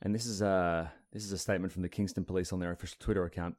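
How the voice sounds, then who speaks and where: A man's voice: deep voice, rapid-fire, few pauses, darkish tone. A man co-hosting a podcast in casual chat, teasing and sardonic, who also reads news stories aloud. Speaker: podcast co-host.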